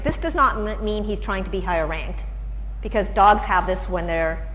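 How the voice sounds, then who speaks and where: Giving a presentation, a woman lecturer explains conversationally and with examples, her medium-pitched, fairly bright voice lively in intonation and at normal speed. The room is a reverberant hall with faint background noise.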